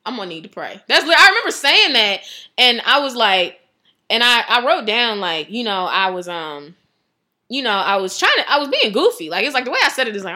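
A woman giving a casual devotional talk, chatty and animated, laughing often and saying "like" a lot. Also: fairly high pitch, fairly quick. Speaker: devotional speaker.

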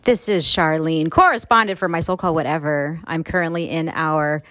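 A woman acting as a fan correspondent indoors, briskly introducing and questioning friends. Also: sits low, fairly bright tone, slight background noise. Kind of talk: casual on-the-spot reporting. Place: townhouse indoors.

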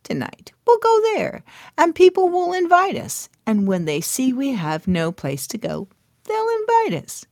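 A woman voicing a humble, calm old holy man who speaks gently and matter-of-factly in a told story. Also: high-pitched, a little slow, no echo, clean studio sound, voice pushed up, heavily acted. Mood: reassuring.

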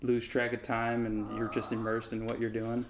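A man co-hosting a podcast, chatting casually and explaining things in a relaxed way. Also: mid-range voice, normal speed, noisy background. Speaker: podcast co-host. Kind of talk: casual chat.

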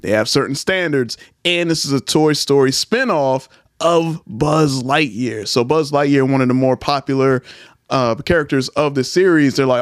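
Smooth-voiced laid-back man chatting. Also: a little high, expressive, moderate pace, no room sound, studio quality. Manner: laid-back, filler-heavy, laughs often. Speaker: podcast host. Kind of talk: casual chat.

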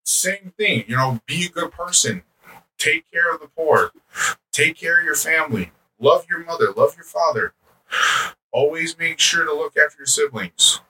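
A man chatting on a podcast, telling personal stories in a loose, rambling way. His voice is very bright and forward. He sits a bit back from the mic, with faint noise underneath. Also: a little high, moderate pace, recorded from a distance, poor audio. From United States. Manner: animated storyteller, rambling with many fillers. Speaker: podcast co-host. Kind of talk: casual chat.

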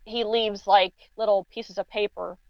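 Halting woman guest, dull lo-fi sound. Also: medium pitch, steady tone, vocal fry, dry recording. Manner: halting, tells stories with many fillers and restarts. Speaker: guest paranormal investigator. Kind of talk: casual podcast chat.

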